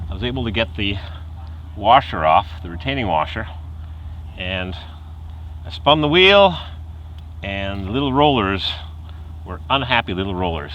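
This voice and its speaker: A man's voice: low voice, expressive, normal speed, pauses often, a bit bright, dull audio, a little hiss or hum. A man casually telling a rambling car repair story outdoors at night, chuckling and imitating the noises the car makes. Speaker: car hobbyist vlogger.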